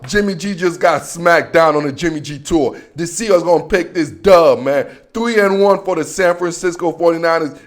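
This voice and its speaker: A man hosting a casual sports show, making playful, slangy predictions about the coming season. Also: on the high side. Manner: playful trash talk with slang. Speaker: sports podcast host.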